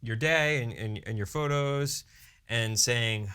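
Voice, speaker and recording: A man, a wedding DJ and emcee co-hosting a podcast, telling a story in a casual, animated way and peppering it with "you know" and "right". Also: mid-range voice, takes it slowly, clean tone. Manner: animated storyteller who briefly acts out his own hype announcements.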